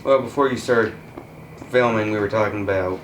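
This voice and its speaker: A teenage boy as a podcast guest, speaking in a dry, sarcastic, deadpan way. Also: lowish voice, moderate pace. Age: teens. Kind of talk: casual podcast chat. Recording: echoey room, light noise.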